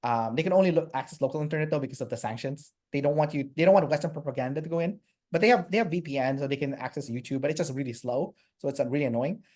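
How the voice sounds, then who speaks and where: A man's voice: on the high side, rapid-fire, a little mellow. A man from Canada, a guest in a casual interview, telling a travel story with many fillers and restarts.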